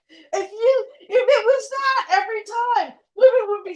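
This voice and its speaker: A woman in casual chat, reacting to a story with quick comments and laughter. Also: extremely high pitch, sing-song. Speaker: co-host.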